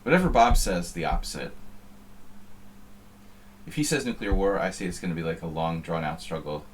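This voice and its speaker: A man's voice: deep voice, normal speed, a little hiss or hum. A man streaming chess, chatting in a rambling, wry, offhand way between moves. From United States. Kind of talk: casual chat while playing online chess.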